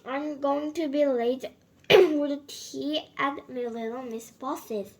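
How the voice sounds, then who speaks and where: A woman's voice: sits high, fairly even intonation, slow. A woman reading a timid man who panics. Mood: flustered. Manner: panicky and nervous. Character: timid man pretending to be brave.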